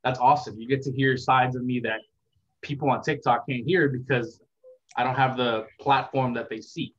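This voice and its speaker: A young man giving a casual interview as a content creator, talking in a relaxed, rambling, reflective way. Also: mid-range voice, normal speed, breathy edge. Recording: dull lo-fi sound.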